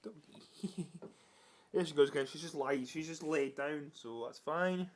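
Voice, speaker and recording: A man's voice: fairly high pitch, a little slow, slight background noise. A young man, chatting in a casual vlog, rambling with many restarts and scolding and cooing at his dog. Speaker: vlogger.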